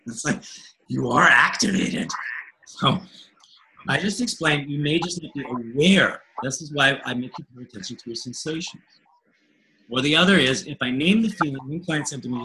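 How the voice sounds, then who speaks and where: A man with a medium-pitched voice speaks at a normal speed, and the poor audio carries a little hiss or hum. He's a coach leading a webinar, teaching casually in an animated way, acting out dialogues with clients and laughing often.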